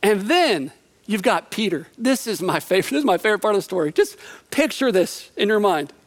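A man's voice: sits high, sing-song, a little fast. A man preaching a sermon, retelling a Bible story vividly and conversationally, asking the listener questions. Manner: storytelling, vivid, acts out quotes.

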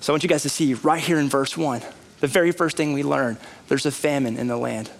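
A man's voice: mid-range voice, brisk, gravelly, a little hiss or hum. A man in his thirties, a pastor preaching a conversational sermon in a church. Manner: animated, conversational preaching with rising emphasis. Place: church sanctuary.

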